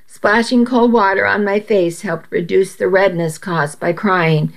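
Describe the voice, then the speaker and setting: A woman narrating a first-person story aloud in a steady, measured way. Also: medium pitch, creaky.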